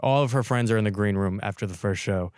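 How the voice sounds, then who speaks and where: A young man with a smooth, resonant, slightly low voice, recorded close and dry in a podcast studio. He tells stories animatedly, jumping into quoted voices, in relaxed casual chat. The sound is direct with no room echo. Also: fast talker. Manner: animated storyteller, acts out quotes. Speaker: podcast host.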